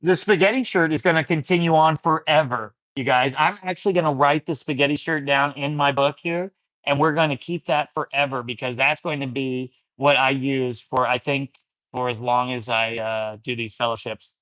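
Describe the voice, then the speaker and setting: Man, stream host, casual chat, easygoing, mid-pitched voice, dull lo-fi audio. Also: steady tone, normal speed, a bit bright, dry recording. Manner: easygoing, addresses viewers as you guys and brother. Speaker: livestream fellowship host. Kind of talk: casual chat reading viewer comments.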